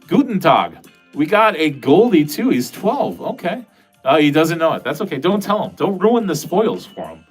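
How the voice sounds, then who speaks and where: A man livestreaming from his basement, chatting casually and answering viewer comments in a rambling, cursing, self-mocking way. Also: fairly high pitch. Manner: rambling, profane, self-deprecating. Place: home basement.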